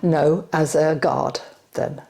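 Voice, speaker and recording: An older woman from West London, speaking in an interview with a softened London accent, rounded vowels and a chatty manner that breaks into laughs. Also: low voice, steady tone, slow pace, gravelly. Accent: London English softened by elocution lessons. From West London, England. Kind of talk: casual interview talk.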